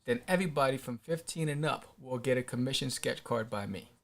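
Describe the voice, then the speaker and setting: A middle-aged man with a voice of ordinary pitch hosts a casual live stream. He rambles and gets excitable, with plenty of "um"s and restarts. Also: brisk, gravelly. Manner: rambling and excitable, with many fillers. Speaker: independent comic creator and live-stream host.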